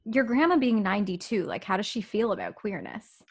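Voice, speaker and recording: A young woman co-hosts a podcast in an ordinary mid-range voice. She chats in a relaxed, easy way, asking questions with plenty of "like" fillers. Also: medium pitch, fairly quick, husky. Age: young adult. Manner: relaxed and responsive, asks questions, many "like" fillers. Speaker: podcast co-host. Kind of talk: casual podcast chat.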